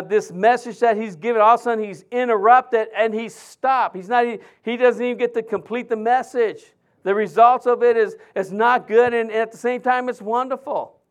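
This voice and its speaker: A man's voice: sits high, smooth. A man, a pastor, preaching a sermon in church in a conversational way with frequent restarts.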